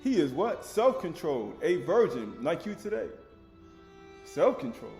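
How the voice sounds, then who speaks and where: A man's voice: a little high, big pitch swings, moderate pace, creaky, darkish tone, echoey room, soft background music. A man giving a casual Sabbath bible lecture, often repeating phrases and quizzing his listeners. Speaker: scripture teacher.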